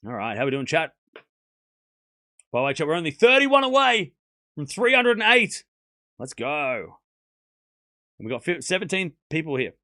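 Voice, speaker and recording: A man hosting a live tennis watchalong, his voice pitched a little high and strongly bright. He shouts out the big shots, then turns to his chat with playful teasing. The sound is close and dry. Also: normal speed, pauses often, no room sound. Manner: excited call-outs of play, then chatty asides to chat; teasing, mock-comforting viewers. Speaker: streamer commentating a tennis match.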